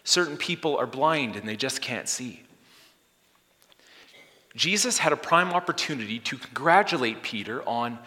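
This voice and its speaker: A man preaching a sermon, swinging from loud exclamations to hushed whispers. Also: medium pitch. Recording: long hall reverb.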